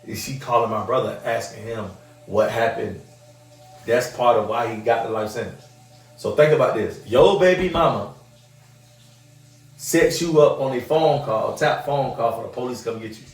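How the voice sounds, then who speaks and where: Male podcast host, an animated storyteller, recorded off-mic in an echoey room. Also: mid-range voice, normal speed, faint music behind. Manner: animated storyteller, acts out quoted voices. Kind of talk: casual storytelling. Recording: roomy echo, mic at a distance.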